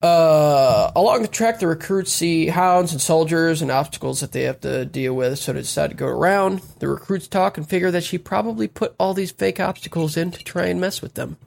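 A man talks through a plot recap in a casual, wry tone. His voice sits a little high and has a gravelly, creaky texture. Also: moderate pace, hardly any pauses, a little mellow. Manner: laid-back, plot-summarizing, wry. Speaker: podcast co-host recapping an anime.

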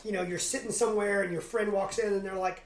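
A woman's voice: medium pitch, fairly even intonation, fast talker, slight background noise. A woman co-hosting a casual movie recap podcast, sarcastic and jokey. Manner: sarcastic, jokey, slips into mock voices. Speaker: podcast co-host. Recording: roomy echo.

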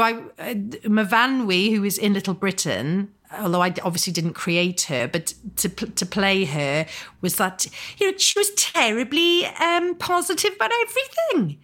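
A middle-aged Welsh woman, an author and actor, chatting as an interview guest and telling stories with animated character voices. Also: fairly low pitch. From Wales. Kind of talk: casual interview chat.

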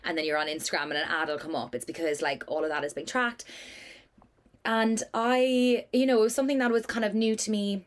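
A woman with a Cork Irish accent chats as a guest on a podcast. She tells stories in a lively, rambling way and scatters "like" through her sentences. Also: mid-range voice, fairly quick. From Cork, Ireland. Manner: chatty, lively storyteller, many "like" fillers. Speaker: guest, business owner. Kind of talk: casual podcast chat.

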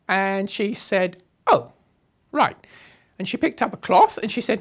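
A woman's voice: lowish voice, sing-song, normal speed. Older Englishwoman telling her travel story. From England. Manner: chatty, with restarts and wry humour. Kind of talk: unscripted storytelling.

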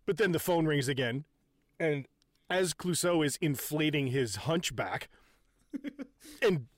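A man chatting about a comedy film with a friend, laughing often and swearing freely. His voice sits a little high for a man and swings widely in pitch. The recording is dry and close. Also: animated, slow pace, no room sound. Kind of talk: casual movie recap chat.

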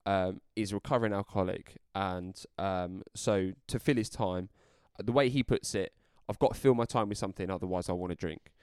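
Chatty man with a smooth voice. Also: deep voice, brisk, few pauses, a little mellow, dry recording, studio quality. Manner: chatty, rambling with restarts and laughs. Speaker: podcast host. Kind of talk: casual chat.

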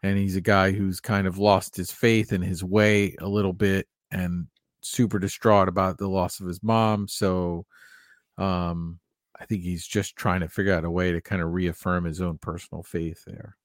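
A man's voice: low voice, flat delivery, normal speed, dry recording, clean studio sound. A man co-hosting a podcast, talking in a loose, rambling way with lots of fillers. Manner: chatty and rambling, with many fillers and laughs. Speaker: podcast co-host. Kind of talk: casual podcast chat.

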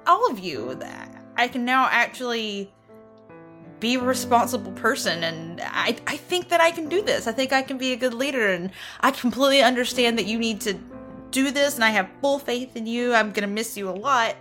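A woman playing a young woman leader, heartfelt and halting, breaking off between phrases as she says goodbye. Her voice sits a touch high, with soft music underneath. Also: expressive. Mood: tender, heartfelt. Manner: earnest, halting, tearful pauses. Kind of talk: in-character speech in a tabletop game.

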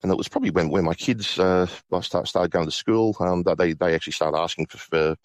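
A middle-aged man recounting a personal ghost story, halting with many restarts and fillers. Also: deep voice, no room sound. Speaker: guest.

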